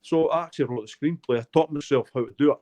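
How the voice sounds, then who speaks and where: A man's voice: a little high, quick pace, dark tone. A middle-aged Scottish man, an author being interviewed, telling his life stories in a heartfelt, emotional way. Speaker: author guest. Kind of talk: candid storytelling interview.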